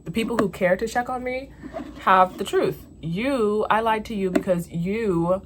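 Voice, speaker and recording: A woman's voice: mid-range voice, unhurried, noisy background. A young woman vlogger telling a story in casual chat, venting candidly and swearing freely.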